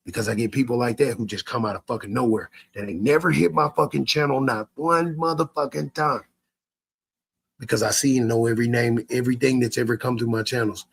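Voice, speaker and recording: A man's voice: medium pitch, a little fast, creaky, breathy edge. A man streaming live, ranting at his chat in a profane, repetitive way with stammered restarts.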